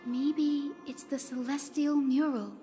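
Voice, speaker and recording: An earnest young companion from a video game explains her surroundings with curious care. Her voice sits a little high. Soft game music hums underneath. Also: steady tone, slow pace, big-room sound. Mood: explaining.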